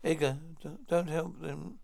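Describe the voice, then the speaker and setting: Narrating every part, a man gives a plain read-through of a science-fiction script, stating each speaker's name before the line. His voice is a little high, gravelly, and slightly mellow, with a steady tone and an unhurried pace.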